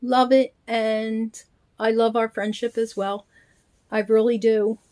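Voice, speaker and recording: A woman's voice: a little high, little pitch movement, mellow. A middle-aged woman chatting casually while opening mail, speaking in a heartfelt, grateful way. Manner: slow, heartfelt, gushing with thanks. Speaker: reborn doll vlogger. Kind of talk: casual chat, unboxing.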